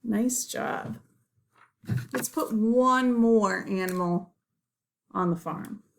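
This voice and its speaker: A woman teaching young children in a slow, simple way, gentle and encouraging, naming farm animals. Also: mid-range voice, gravelly, slight background noise.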